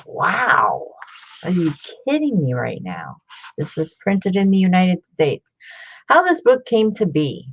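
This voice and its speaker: A woman's voice: lowish voice, wildly swooping pitch, slow, lo-fi sound. A woman talking casually as she shows off books from her collection, chatty and gushing over each find. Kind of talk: casual vlog show-and-tell.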